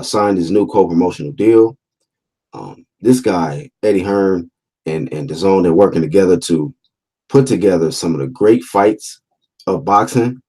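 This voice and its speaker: A man's voice: low-pitched, mellow. A man hosting a casual boxing livestream, talking loosely with slang, repeating himself and reading out viewer comments. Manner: talkative, repeats phrases, reads out chat comments; fillers and restarts, laid-back slang.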